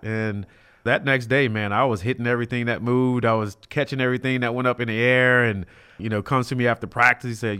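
A middle-aged former college football player from South Central Los Angeles is a guest in a casual interview, telling lively stories in a smooth, mid-range voice that runs a little fast. He's animated, acts out quoted dialogue, and uses lots of fillers like "you know".

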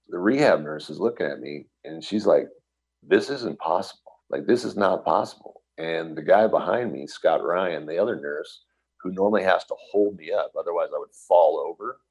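A middle-aged man from the American Midwest recounts a personal story as a guest in an interview. His voice sits extremely low and carries a breathy, husky texture. He talks earnestly, with restarts, and acts out what others said. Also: moderate pace. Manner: earnest, animated retelling with quoted dialogue and restarts.

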